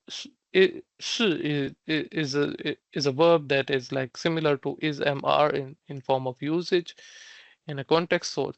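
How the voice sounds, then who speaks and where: A man teaching Mandarin phrases in an online lesson, explaining each word slowly with many fillers and restarts. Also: fairly high pitch, no room sound.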